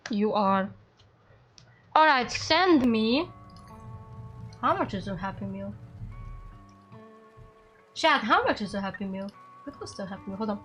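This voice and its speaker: A woman streaming casually to her chat as a VTuber. She talks excitably, jumping to sudden squeals and then dropping to soft mutters. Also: mid-range voice, takes it slowly, long pauses, faint music behind.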